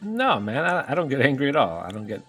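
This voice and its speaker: A man co-hosting a casual fantasy football podcast, relaxed, with lots of "like" fillers and deadpan jokes. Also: mid-range voice, rapid-fire, soft background music. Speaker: podcast co-host.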